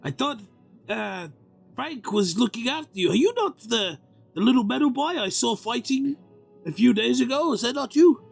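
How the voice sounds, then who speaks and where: A man's voice: very high voice, expressive, moderate pace, creaky, soft background music, heavily acted. A man voicing a fretful, kindly middle-aged orchard owner who fusses over his guests and is easily scandalized.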